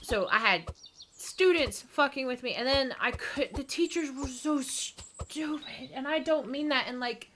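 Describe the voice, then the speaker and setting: A woman chats casually with her viewers, rambling and poking fun at herself. She laughs often. Her voice sits a bit high and rings bright. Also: measured pace, slight background noise. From East Texas. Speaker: streamer reading viewer comments. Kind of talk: casual chat.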